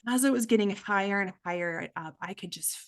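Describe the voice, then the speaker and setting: Middle-aged woman, candid guest storyteller, earnest, mid-pitched, quotes voices. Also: a little fast. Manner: earnest, acts out quoted voices, many fillers. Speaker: podcast guest, coach.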